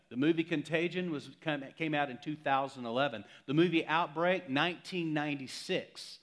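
A male pastor preaching a sermon in a conversational, emphatic way, swinging from loud to hushed. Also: fairly high pitch, moderate pace, few pauses.

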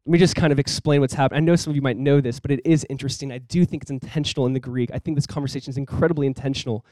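A male pastor preaching a sermon in a conversational, earnest way, with casual fillers. He often drops quiet and low on key points. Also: fairly even intonation, racing, hardly any pauses, no room sound, poor audio.

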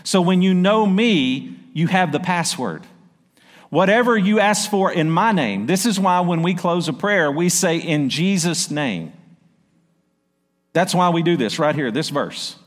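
A man preaching in a church, his fairly high voice ringing with long hall reverb. He slows and gets louder as he reads scripture, then drops into quick, quieter asides and calls out to the congregation. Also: lively intonation. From South Arkansas. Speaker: pastor. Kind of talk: sermon. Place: church sanctuary.

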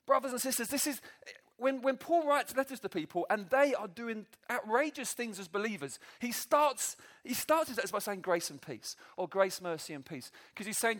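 A man delivers a sermon to a church meeting. His voice sits high and leaps around with lively intonation. He pokes fun at himself and laughs easily along the way. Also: a little fast, few pauses. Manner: animated, self-deprecating, laughs often. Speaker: preacher.

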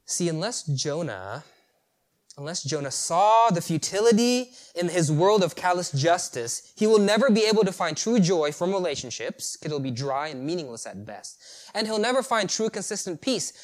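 A man preaching a sermon, animated, asking rhetorical questions and chuckling at the story. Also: high voice, moderate pace.

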